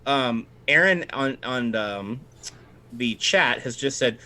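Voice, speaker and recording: A man narrating as dungeon master, animated and quick, shifting between tense description and playful banter. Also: mid-range voice. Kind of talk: narrating a tabletop game.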